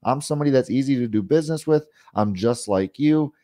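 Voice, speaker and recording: A man's voice: medium pitch, a little fast, dry recording, studio quality. A man giving a casual sales training talk, often asking "right?" and acting out questions to customers. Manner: conversational, frequent "you know" and "right?" asides; acts out pushy and calm sales questions.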